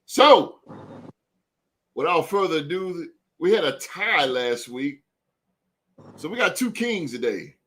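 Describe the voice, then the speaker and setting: A man's voice: a little high, lively intonation, slow pace, long pauses, a bit bright. A man hosting a sports podcast in a loose, hyped way, tagging his lines with "man" and "son.". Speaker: podcast host. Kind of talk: casual sports talk.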